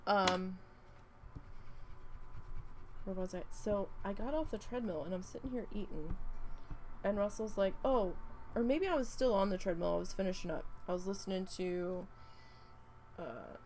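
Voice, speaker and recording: A woman's voice: mid-range voice, normal speed, long pauses, darkish tone, a little hiss or hum. A woman, chatting casually and rambling through a story while she crafts, swearing freely. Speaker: craft vlogger.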